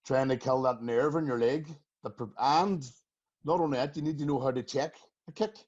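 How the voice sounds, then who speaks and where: A man's voice: mid-range voice, moderate pace, darkish tone, husky. A Northern Irish man hosting a casual podcast chat, telling stories and laughing often. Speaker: podcast host. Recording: muffled lo-fi sound.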